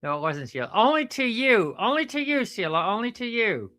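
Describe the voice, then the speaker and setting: A man's voice: sits high, big pitch swings, a little fast, bright, forceful tone. A man co-hosting a casual comedy podcast, teasing his co-host and acting exasperated at her jokes. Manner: teasing, mock-exasperated, keeps repeating her name.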